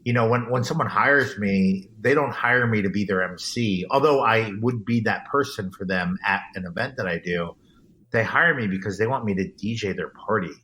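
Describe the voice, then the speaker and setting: A man's voice: lowish voice, moderate pace, bright, forceful tone, slight background noise. A man being interviewed as an event DJ, talking in an earnest, emphatic way with frequent restarts. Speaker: guest, event DJ. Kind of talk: casual interview.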